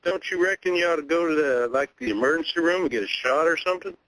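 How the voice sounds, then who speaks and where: A man, co-hosting a radio chat and asking slow, drawling questions. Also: fairly high pitch, a bit bright, poor audio. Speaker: co-host.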